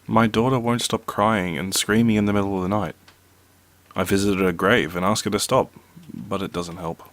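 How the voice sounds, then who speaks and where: Low-voiced man reading scary stories. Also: steady tone, normal speed, a bit bright. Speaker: narrator.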